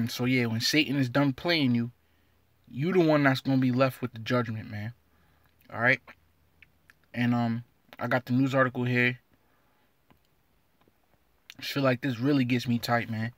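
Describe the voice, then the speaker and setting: A man's voice: mid-range voice, steady tone, measured pace, long pauses, dry recording. A man giving an informal scripture lesson, blunt and streetwise, tagging his lines with "man" and reading verses aloud in an old-fashioned cadence. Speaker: religious teacher.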